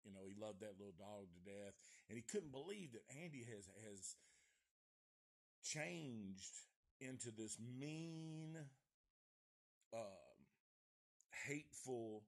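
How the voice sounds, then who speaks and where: A man's voice: fairly low pitch, lively intonation, slow pace, long pauses. A man reviewing a horror movie on a live stream, rambling and swearing casually as he retells the plot. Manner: rambling, profane, laid-back storytelling.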